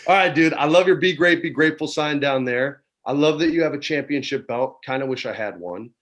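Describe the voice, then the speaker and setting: A man's voice: fairly high pitch, brisk, fairly bright tone. Laid-back man in his forties. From New Mexico, USA. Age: 40s. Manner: laid-back, peppers talk with "man" and "dude". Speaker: guest. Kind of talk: casual storytelling chat. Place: his home.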